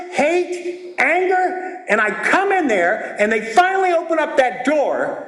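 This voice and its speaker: An older man giving a comedic talk at a recovery meeting, animated and storytelling, breaking into shouts when acting out scenes. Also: extremely high pitch. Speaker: AA meeting speaker. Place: meeting room with audience. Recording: roomy echoing meeting hall.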